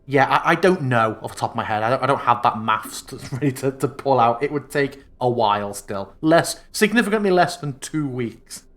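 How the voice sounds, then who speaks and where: A man's voice: medium pitch, lively intonation, moderate pace, hardly any pauses, a bit bright. A man running a tabletop game as dungeon master, laid-back and often laughing.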